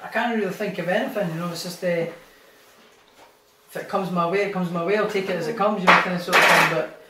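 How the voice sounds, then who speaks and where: A laid-back Scottish man chatting casually in an interview, his voice sitting fairly high. He sounds set back from the mic in an echoey room. He swears easily and keeps things relaxed. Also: fast, distant mic, very noisy. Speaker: boxer being interviewed.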